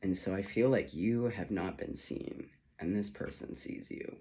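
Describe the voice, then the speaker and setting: A man giving a solo spiritual reading, emotional and tearful, talking in halting phrases with sighs and soft trailing words. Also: low voice. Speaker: spiritual channeler.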